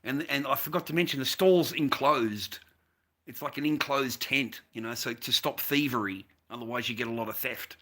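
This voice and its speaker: A mid-range, bright and forceful male voice at normal speed belongs to an Australian vlogger. He tells a long story in a relaxed, profane, repetitive monologue, addressing the listener as mate and bro.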